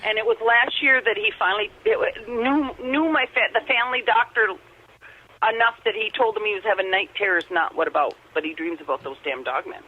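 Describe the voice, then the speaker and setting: Her voice mid-range, fairly quick, and slightly rough, a middle-aged caller from Upper Michigan shares an encounter over the telephone. The testimony is long, rambling, and earnest, with many restarts.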